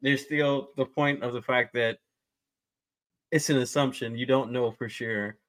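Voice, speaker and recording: A man's voice: medium pitch, steady tone, a bit bright. A man co-hosting a podcast in casual chat, thinking aloud and restarting his sentences as he makes his point. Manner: thoughtful, works through his point in halting restarts. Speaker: podcast co-host.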